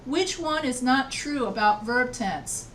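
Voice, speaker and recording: A woman's voice: high-pitched, lively intonation, takes it slowly, a loud crowd. Patient woman instructor on a distant video call. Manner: patient, checks understanding, repeats answers. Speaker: writing instructor. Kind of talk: online class teaching.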